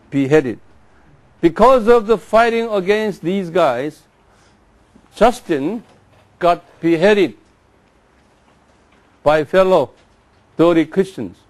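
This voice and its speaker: Slow high-voiced man teaching a class. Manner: drills pronunciation, repeating names and asking the class to say after him. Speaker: Bible teacher. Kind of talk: classroom lecture.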